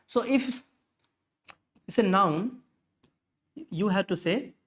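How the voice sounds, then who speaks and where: A man's voice: high voice, takes it slowly, a bit bright. A man teaching a pronunciation class, explaining step by step, dropping in Hindi glosses and correcting himself as he goes. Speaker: English teacher. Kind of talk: classroom lesson.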